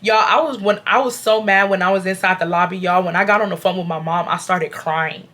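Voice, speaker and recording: A woman in her twenties from Houston, Texas, telling a storytime to camera in an animated, casual way and often calling her viewers "y'all". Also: lowish voice, fairly quick. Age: 20s. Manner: animated, addresses viewers as "y'all", acts out quotes.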